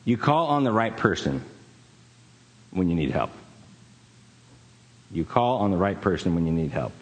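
A man's voice: deep voice, sing-song, a little slow, big-room sound. Man telling a sermon story. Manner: conversational storytelling with fillers and laughs. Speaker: preacher.

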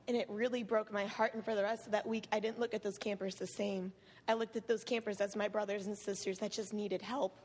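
A hoarse, worn-voiced teenage camp counselor giving an earnest, emotional testimony at church, laughing often. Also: female voice, medium pitch, flat delivery, fairly quick. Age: late teens. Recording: long hall reverb.

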